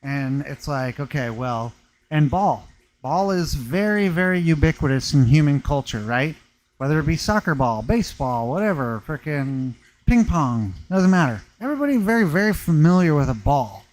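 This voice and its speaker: A man's voice: fairly high pitch, big pitch swings, moderate pace, rough recording. A man hosting a casual live chat from his stone-working workshop, laid-back and slangy, laughing often. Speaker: workshop vlogger talking to live viewers.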